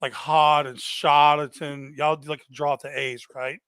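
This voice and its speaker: A man with a Southern US accent and a slightly high voice chats on a livestream, full of fillers and restarts. His mic sounds dry and close. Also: level tone, a little slow, fairly bright tone, clear, resonant tone, dry recording. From southern USA. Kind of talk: casual livestream chat.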